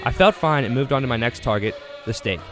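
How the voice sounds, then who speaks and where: A man's voice: mid-range voice, lively intonation, fast talker, music in the background. A young man narrating his own food challenge in a dramatic, grandiose documentary style. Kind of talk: mock-epic documentary narration.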